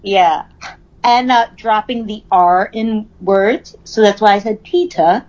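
A woman's voice: medium pitch, slow pace, darkish tone, highs cut off. A woman co-hosting a casual chat, reading from notes, laughing often and stumbling over words. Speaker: podcast co-host.

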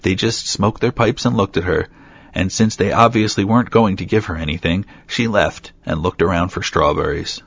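A man with a very deep, gravelly voice reads a fairy tale aloud, steady, with light asides. His tone is husky rather than clear. The recording is dry, close and dull, with little top end. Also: moderate pace, no echo. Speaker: storyteller.

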